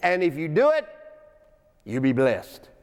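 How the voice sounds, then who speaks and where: Recorded with long church reverb in a sanctuary, a man preaches an unhurried, folksy sermon, sharing stories with chuckling asides and reading scripture aloud. His voice is on the high side, clear, resonant and a little mellow, with huge pitch swings.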